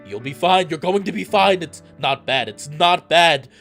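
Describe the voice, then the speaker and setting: A man voicing a grieving male wolf who loudly and frantically pleads with his dying partner. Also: fairly high pitch, lively intonation, moderate pace, vocal fry, faint music behind, pitched above the performer's own voice. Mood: pleading. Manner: loud, pleading, frantic reassurance.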